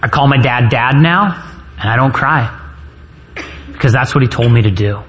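A man's voice: medium pitch, moderate pace, fairly bright tone, slight background noise. A man preaching a sermon to fathers, earnest and personal, weaving in stories from his own childhood. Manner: earnest storytelling, personal anecdotes.

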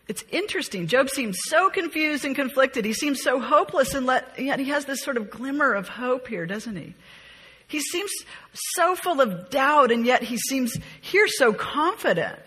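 A woman's voice: high-pitched, animated, normal speed, fairly bright tone, breathy edge, big-room sound. A woman leading a conversational Bible study, reading scripture aloud with expression and then musing on it in a chatty, reflective way. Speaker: Bible teacher.

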